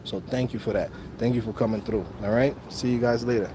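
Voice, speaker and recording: Brief: loose, slangy New York-accented host, mid-pitched, swears a lot, phone mic outdoors with traffic noise. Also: male voice, steady tone, a little fast. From Dominican Republic. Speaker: host of a coding channel livestream. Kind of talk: casual livestream chat.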